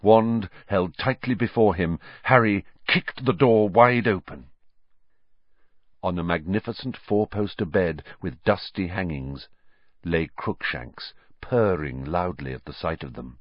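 A man reading a story aloud in a dramatic, measured audiobook style. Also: low-pitched, no room sound, highs cut off. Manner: dramatic, measured, varied delivery. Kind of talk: audiobook narration.

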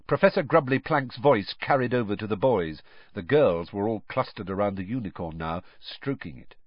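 Male audiobook narrator, lively pitch, husky, dry room, slightly muffled sound. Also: no room sound. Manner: expressive, dramatic. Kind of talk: storybook narration.

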